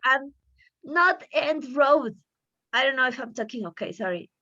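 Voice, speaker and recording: A woman from Peru with a Peruvian Spanish accent, speaking English as a second language, talking excitedly and with feeling in a casual panel discussion. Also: high-pitched, normal speed, dull audio. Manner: excitable, emotional, laughs while talking.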